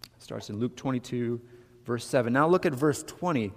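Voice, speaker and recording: Pastor, man, animated storyteller, mid-pitched voice, long hall reverb. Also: moderate pace. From Michigan. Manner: animated storytelling, emphatic swings in loudness. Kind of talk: sermon.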